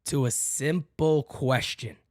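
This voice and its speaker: A man's voice: mid-range voice, slow, a little mellow, no room sound, clean studio sound. A man hosting a fan podcast, ranting in a heated, blunt and profane way and speaking straight to his listeners. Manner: talks straight to listeners as "guys" and "folks". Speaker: podcast host.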